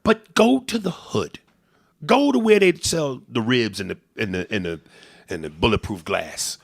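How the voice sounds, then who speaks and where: A man hosting a comedy podcast, talking in a profane, animated way and breaking into impressions. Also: medium pitch, normal speed, gravelly, no echo. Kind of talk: casual comedy podcast chat.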